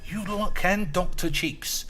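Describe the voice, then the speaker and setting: A young man ranting as a podcast host, loud and swaggering, with sudden shouts and crude jokes. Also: high voice, takes it slowly, soft background music. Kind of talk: crude comedic banter.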